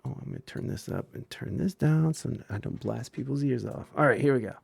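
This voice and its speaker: A man hosting a livestreamed interview show, chatting casually in a halting way and breaking off to thank viewers. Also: mid-range voice, creaky, husky. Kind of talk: casual chat.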